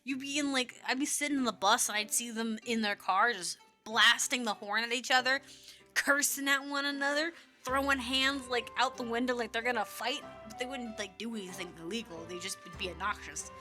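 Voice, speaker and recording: A young woman with a Midwestern American accent chats while she plays a game, drifting through stories and breaking into giggles. Her voice sits high and sounds bright and clear. Soft game music plays underneath. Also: brisk. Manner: rambling, giggly, quotes people in character. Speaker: gaming streamer. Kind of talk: casual storytelling while playing.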